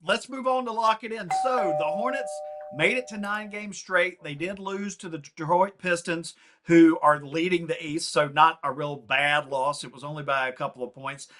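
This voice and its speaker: A man's voice: a little high, moderate pace, pushed and bright. A middle-aged man co-hosting a casual chat show, easygoing and nostalgic, laughing along. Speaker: podcast co-host.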